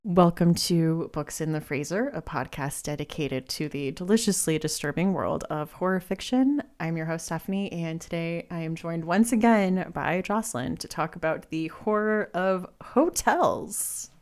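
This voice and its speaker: Chatty woman podcast host, low voice. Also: moderate pace, hardly any pauses, a little mellow. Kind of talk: casual chat.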